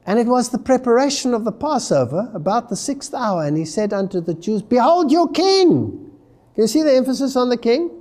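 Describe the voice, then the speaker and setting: A man's voice: very high-pitched, big pitch swings, quick pace, few pauses, a little mellow. A man giving a Bible prophecy lecture, reading scripture aloud with dramatic emphasis.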